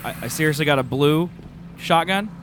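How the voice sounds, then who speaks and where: A man's voice: a little high, moderate pace, heavy background noise. A man giving a casual gameplay walkthrough, with wry, sarcastic asides. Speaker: game guide host.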